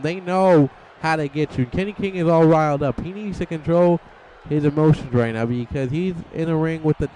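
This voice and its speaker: A man's voice: fairly high pitch, darkish tone, a little hiss or hum, low-quality recording. A young man giving rambling, playful play-by-play commentary over a wrestling video game, often putting words in the wrestlers' mouths. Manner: rambling and playful, voicing wrestlers' thoughts in quick asides.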